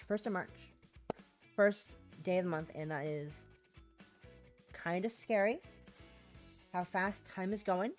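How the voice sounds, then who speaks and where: A woman with a sore throat, streaming a game from home and chatting casually in a rambling, self-interrupting way. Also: medium pitch. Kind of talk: casual gameplay chat.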